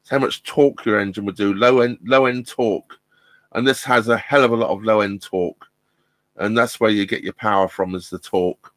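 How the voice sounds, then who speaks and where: A man's voice: on the low side, fairly even intonation, a little fast, a bit bright, no echo. Bloke rambling on a laptop stream from his boat, ums everywhere, dry close sound. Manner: rambling and hesitant, many ums and restarts. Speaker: vlogger hosting a live stream. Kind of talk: casual live-stream chat. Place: inside a narrowboat cabin. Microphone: laptop mic.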